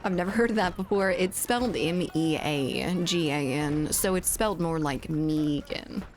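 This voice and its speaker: Casting: woman game streamer, mild Southern US accent, lowish voice, chatty, laughs easily, faint background hiss. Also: normal speed. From southern United States. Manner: chatty, reads chat aloud, laughs often. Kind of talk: casual live-stream chat while gaming.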